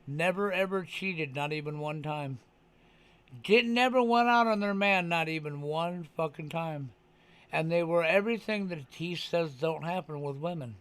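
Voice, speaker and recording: A man's voice: on the high side, expressive, moderate pace, fairly bright tone. A man talking casually on a live stream, emphatic and profane, often pressing his point with "okay". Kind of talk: casual chat.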